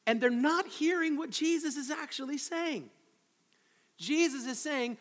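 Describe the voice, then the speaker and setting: A man preaching an expository sermon as pastor, conversational and animated, with frequent asides to the congregation. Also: very high-pitched, a little slow, long reverb tail.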